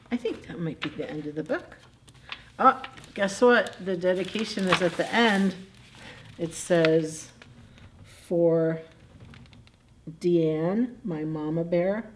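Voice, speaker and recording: Slow-paced warm-hearted children's librarian woman. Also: medium pitch, slight background noise. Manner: animated, chatty with kids, laughing. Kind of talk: library story time read-aloud. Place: public library.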